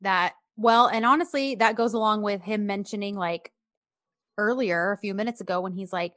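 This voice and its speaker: A woman's voice: medium pitch, moderate pace, a bit bright, no room sound, studio quality. A woman co-hosting a casual chat, recapping a show's scenes with lots of fillers. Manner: chatty, talks through scenes with fillers. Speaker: co-host reviewing a show.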